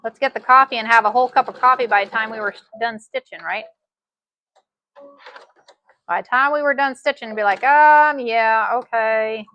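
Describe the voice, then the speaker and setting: A woman's voice: on the high side, moderate pace, pauses often, dull audio. A woman teaching a live sewing tutorial, chatty and folksy, often saying "y'all.". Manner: chatty, says "y'all" a lot. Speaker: sewing instructor.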